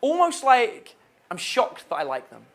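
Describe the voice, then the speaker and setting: A young man coaching on dating, talking in an animated way and acting out the lines he suggests. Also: extremely high pitch, unhurried. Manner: animated, acts out quoted lines. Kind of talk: dating advice talk.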